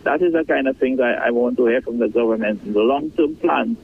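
A man's voice: medium pitch, a little fast, creaky, slight background noise. A Saint Lucian man on a call-in radio show, complaining with emphatic, repeated phrases. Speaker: caller. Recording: phone line.

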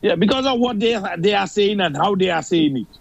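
A man's voice: sits high, animated, moderate pace, vocal fry, no room sound, muffled recording. A Saint Lucian man calling in to a radio show, rambling and insistent as he argues his point. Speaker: caller. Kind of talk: call-in radio talk.

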